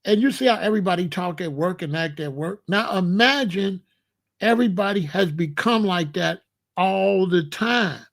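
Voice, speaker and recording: A man's voice: high voice, creaky, fairly bright tone. A man in his sixties hosting his own show, talking in a casual, emphatic monologue and drawing out his phrases. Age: 60s. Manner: emphatic, repetitive, drawn-out phrasing. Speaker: show host.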